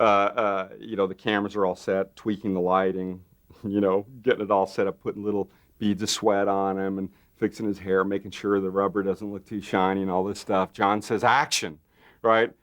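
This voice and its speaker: A man recounting effects work in an interview, animated and full of fillers, acting out what others said. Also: fairly low pitch. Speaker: makeup effects artist interviewee. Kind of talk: documentary interview anecdote.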